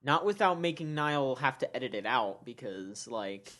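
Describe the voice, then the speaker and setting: A man hosting a casual podcast chat, excitable and jokey, stumbling over his words often. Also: medium pitch, normal speed. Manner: hyped, jokey, restarts often. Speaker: podcast host.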